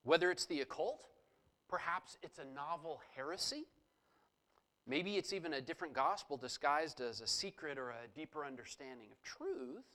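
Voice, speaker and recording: A male pastor leading a church service, praying and giving announcements in a relaxed, conversational way with frequent fillers. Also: a little high, moderate pace.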